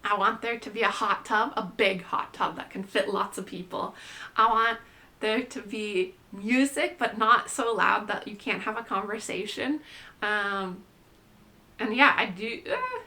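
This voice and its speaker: A woman's voice: mid-range voice, unhurried, pushed and bright. A young adult woman vlogging in a casual, rambling monologue, chatty and irreverent, filling her talk with "like.". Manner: chatty, says "like" constantly, playful and irreverent.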